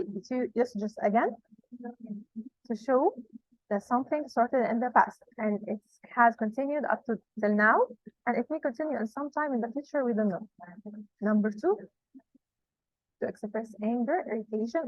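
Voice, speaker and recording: Higher-voiced woman teaching grammar, dry and dull. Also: dry recording. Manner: repeats rules slowly and with emphasis. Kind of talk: classroom grammar lesson.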